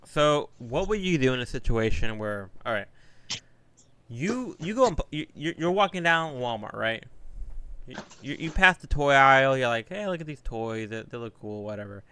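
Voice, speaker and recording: A man in casual podcast chat, telling a story with animated, stammering restarts. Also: medium pitch, normal speed, a little hiss or hum.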